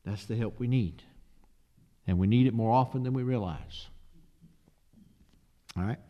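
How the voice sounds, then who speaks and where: A man's voice: medium pitch, a little slow, long pauses, dark tone. A man preaching a sermon, emphatic and asking the listeners rhetorical questions.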